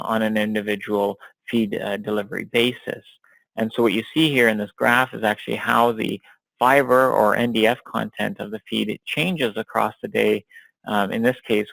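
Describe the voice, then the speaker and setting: A male researcher lectures over slides in a low, gravelly voice. He speaks in a measured way, often stopping on fillers and restarting his sentences. The close mic gives a dry sound with no room echo. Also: fairly bright tone. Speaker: dairy science researcher and lecturer.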